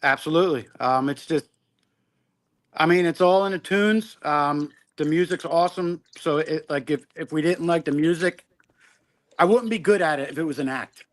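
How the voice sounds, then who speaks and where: A man's voice: a little high, normal speed, no echo. A man from a rock band chatting casually, hesitant, filling his talk with ums and likes. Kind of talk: casual chat.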